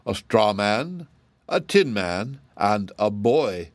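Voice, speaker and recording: A man's voice: on the low side, very animated, slow, dry recording. A man voicing a huge, falsely sweet giantess witch who talks in a mocking, self-assured way for a storybook reading. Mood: scornful.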